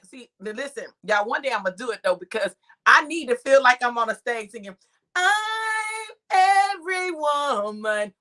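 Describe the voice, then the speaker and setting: High, bright, animated woman telling a story. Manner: animated, laughing, acts out voices of people in the story; talks straight to viewers by name. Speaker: preacher and live-stream host. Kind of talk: lively storytelling to a live online audience.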